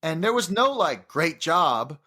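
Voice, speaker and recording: Male guest, slightly higher voice, lively anecdote teller who acts out quotes, loose and casual. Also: unhurried. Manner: animated storyteller, many restarts, acts out quotes. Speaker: guest actor.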